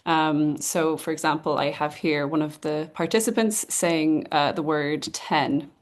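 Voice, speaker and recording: A woman giving an academic guest lecture, explaining in a measured way and often pausing to rephrase. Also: low-pitched, steady tone. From Ireland.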